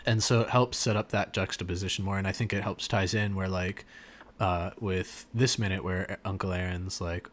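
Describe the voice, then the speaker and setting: A man's voice: low voice, steady tone, brisk. A man co-hosting a podcast, retelling a scene in casual chat with lots of fillers and restarts. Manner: rambling, many fillers and restarts. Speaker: podcast co-host.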